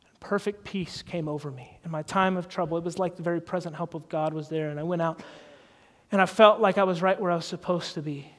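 A male pastor preaching a sermon as an animated, confiding storyteller. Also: high voice. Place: church sanctuary. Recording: long hall reverb.

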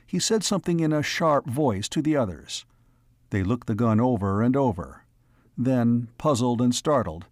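A man with a mid-range voice reads a classic science fiction story in a measured, steady way. The recording is dry with no room sound. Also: medium pitch, dry recording. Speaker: audiobook narrator. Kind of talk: scripted narration.

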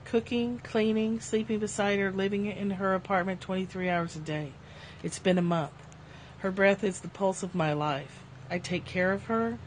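A woman reads spiritual passages aloud on a livestream in a low, even voice. She moves slowly and reflectively through the text, now and then slipping into light, self-mocking asides. A faint steady hum sits under her voice, as if recorded on a phone. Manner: calm, slow reading, breaking off into joking asides. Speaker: livestream host reading spiritual texts. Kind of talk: reflective reading with casual asides.

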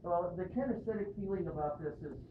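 A man coaching a chorus in an animated, encouraging way, his voice a little higher than most. He is heard from across an echoey hall on a tinny, hissy recording. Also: brisk, recorded from a distance. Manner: animated, encouraging, demonstrates vocal exercises. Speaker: singing judge. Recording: echoey room picked up from afar on a lo-fi, noisy device.

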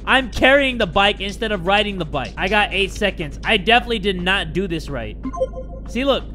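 Excitable high-voiced man gaming. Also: brisk. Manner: excitable, jokey, with sudden yelps and swearing. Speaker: gaming YouTuber. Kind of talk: let's play commentary. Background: game music.

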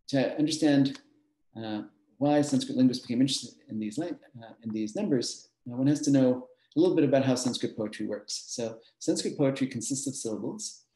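A man's voice: mid-range voice, moderate pace, dark tone. A man giving a master class lecture, explaining patiently with frequent fillers and little laughs. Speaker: mathematician teaching a master class. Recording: roomy echo.

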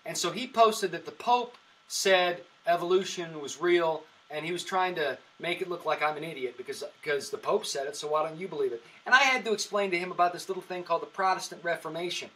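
A male comedian on a podcast, rambling through long stories and often restarting mid-sentence. His voice is bright and sits a little above the average pitch for a man. He sounds somewhat far from the microphone. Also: a little fast, few pauses. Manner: rambling storytelling with frequent restarts. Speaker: comedian guest. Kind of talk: casual podcast chat.

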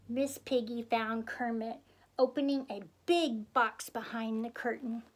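A woman's voice: on the high side, fairly even intonation, unhurried. A woman reading a children's picture book aloud and speaking cheerfully to young listeners. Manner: cheerful, friendly sign-off to children. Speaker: storybook reader.

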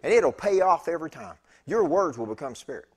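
A man preaching in church, telling a personal story in a chatty, animated way with laughing asides to the congregation. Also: a little high, fairly quick, breathy edge. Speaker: pastor. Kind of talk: storytelling sermon. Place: church sanctuary.

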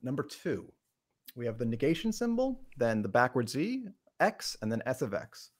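A man hosting a podcast, explaining logic in a casual, halting way with frequent restarts and a playful tone. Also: medium pitch, sing-song. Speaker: podcast host teaching logic. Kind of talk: casual teaching on a live stream.

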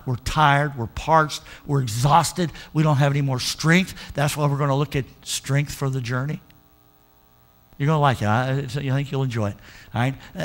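An older man preaching a sermon as pastor, moving between hushed, slow passages and emphatic, rising exhortation. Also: on the high side.

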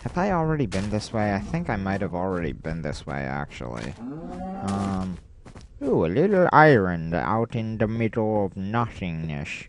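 A man's voice: low voice, sing-song, moderate pace, slight background noise. A man giving casual, playful gameplay commentary, rambling and talking to himself as he plays. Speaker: let's play gamer. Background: loud game music.

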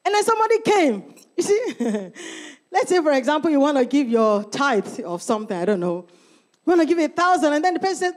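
A woman's voice: high-pitched, lively intonation, fairly quick, darkish tone. A middle-aged woman pastor preaching a sermon, emphatic and calling out to members of the congregation. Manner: emphatic, calls out to the congregation by name.

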